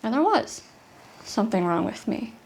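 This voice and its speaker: A woman's voice: fairly high pitch, very animated, creaky, a little mellow, slightly rough. Woman telling an intense personal story. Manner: intense, halting, emotional delivery. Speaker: solo comedian. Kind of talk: confessional storytelling monologue. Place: apartment.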